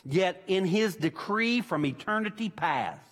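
A man's voice: sits high, lively intonation, unhurried, fairly bright tone. A man preaching a sermon as pastor, emphatic and repeating his key points for weight. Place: church sanctuary. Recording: long church-hall reverb.

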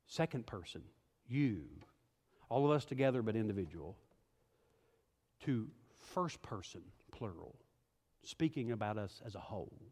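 A middle-aged male pastor preaching a sermon, moving from quiet scripture reading to emphatic exhortation. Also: on the low side. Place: church sanctuary. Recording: hall reverb.

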